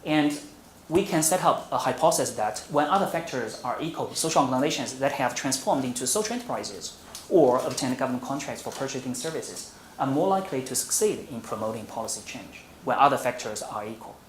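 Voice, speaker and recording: This is an academic presentation by a visiting male speaker in a university lecture room. His pitch sits in the middle, his pace is measured, and he often halts with "uh" and restarts his sentences, while the room adds a roomy echo and a faint steady hum.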